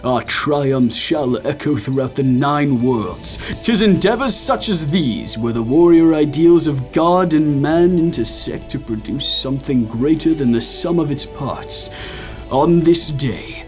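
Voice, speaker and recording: A man voicing a noble male thunder god, declaiming slowly and grandly. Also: mid-range voice, a little mellow. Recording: faint music behind.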